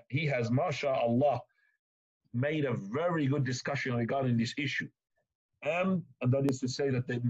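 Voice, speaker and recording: A man teaching a religious lesson in an animated way, rising sharply in pitch to stress points, with frequent restarts. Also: slightly rough. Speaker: Islamic teacher. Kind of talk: religious lecture. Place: mosque lecture room. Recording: muffled lo-fi recording.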